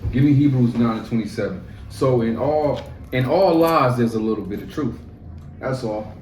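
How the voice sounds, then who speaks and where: A man's voice: mid-range voice, moderate pace, a little mellow, roomy sound, recorded from a distance, a little hiss or hum, poor audio. A man leading a scripture class in plain, casual speech, asking questions of the group. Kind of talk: casual teaching.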